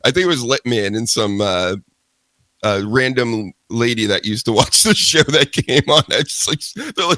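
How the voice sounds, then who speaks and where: A man's voice: mid-range voice, moderate pace, dry recording. A man hosting a wrestling talk podcast, ranting casually with a lot of swearing. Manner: profane, animated ranting. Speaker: podcast host.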